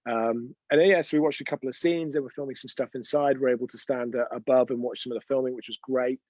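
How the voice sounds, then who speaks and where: A man's voice: medium pitch, steady tone, fast talker, a little mellow, no echo, muffled recording. A man hosting an unscripted live stream, telling chatty, rambling anecdotes with frequent restarts. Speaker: host of a weekly live show.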